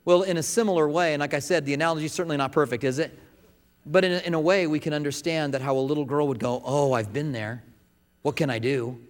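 A man, a pastor preaching a sermon, swinging between loud emphatic passages and soft hushed ones. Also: fairly high pitch, rapid-fire. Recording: long reverb of a large hall.

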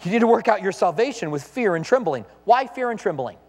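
A man's voice: sits high, very animated, quick pace, a little mellow. A male pastor preaching a sermon with emphasis and rhetorical questions, acting out the voices of people he quotes. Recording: echoey hall reverb.

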